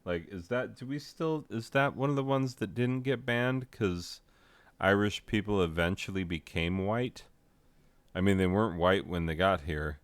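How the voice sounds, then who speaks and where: Brief: low-voiced male game reviewer, smooth tone, rambling and self-deprecating. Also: dry recording. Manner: tangential, self-deprecating, loses the thread. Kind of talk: casual rambling commentary.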